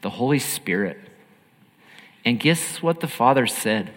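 A man preaching a sermon in an earnest, emphatic way, swinging between loud and hushed. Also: mid-range voice, expressive, unhurried, long reverb tail.

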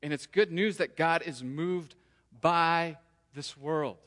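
A man preaching a sermon to his congregation in a relaxed, conversational way, sometimes voicing the people in the story. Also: fairly high pitch, takes it slowly. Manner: conversational, acts out quoted voices. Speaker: pastor. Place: church sanctuary. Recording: long hall reverb.

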